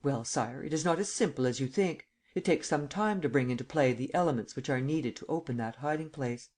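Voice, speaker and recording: A man reading an audiobook and voicing a mocking, cocky gentleman thief who climbs high and loud when he teases or rages. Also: a little fast, lightly acted. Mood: calm. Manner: teasing, lively, rising to shouts.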